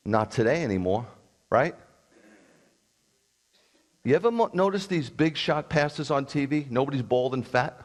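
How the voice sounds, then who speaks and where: Man, rabbi, sermon, blunt, combative, sarcastic, mid-pitched voice.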